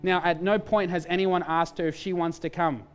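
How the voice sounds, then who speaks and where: Male pastor, lively sermon storytelling, faint music underneath. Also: high voice. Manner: animated storytelling, quick asides.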